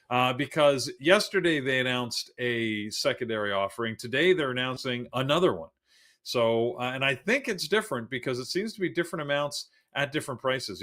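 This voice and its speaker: A man with a mid-pitched voice co-hosts a live trading show. He talks loosely about stocks, wandering into asides and filling pauses with fillers. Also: a bit bright. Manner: rambling, self-deprecating, frequent fillers and asides. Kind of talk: live market commentary.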